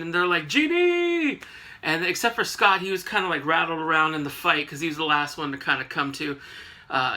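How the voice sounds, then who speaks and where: A man's voice: a little high, pushed and bright. A man recapping a comic book issue in a casual, sarcastic way, full of joking asides.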